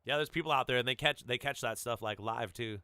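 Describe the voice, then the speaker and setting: A man's voice: mid-range voice, quick pace, bright, forceful tone, clean tone, no echo, studio quality. Rambling laid-back male streamer. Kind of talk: casual stream chat while gaming.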